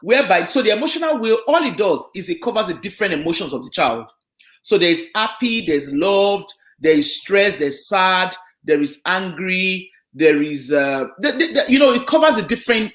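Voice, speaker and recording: Lively high-pitched man explaining to parents. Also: normal speed. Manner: explanatory, checks in with listeners. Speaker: children and family social worker. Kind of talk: community talk on parenting. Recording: echoey room.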